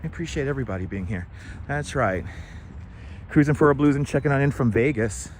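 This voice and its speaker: A man's voice: medium pitch, animated, brisk, darkish tone, slight background noise. A middle-aged man, chatting casually on a live stream as he bikes through a city park on a lapel mic, reading out and thanking viewers. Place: outdoors in a city park, riding a bike. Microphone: wireless lapel mic.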